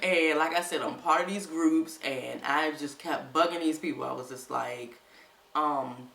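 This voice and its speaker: A woman chatting to her viewers in a casual, animated storytelling style, quoting people in livelier voices. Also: sits low, normal speed, creaky, echoey room, distant mic. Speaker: vlogger.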